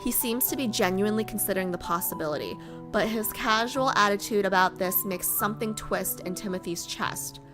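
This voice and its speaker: A woman's voice: mid-range voice, fairly quick, music in the background. A woman streamer chatting playfully with her viewers and reading a game story aloud. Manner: chatty and playful, teasing herself and her chat.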